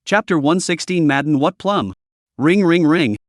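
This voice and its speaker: Lively, fairly high male recap narrator. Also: moderate pace, no echo, studio quality. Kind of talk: scripted story recap narration.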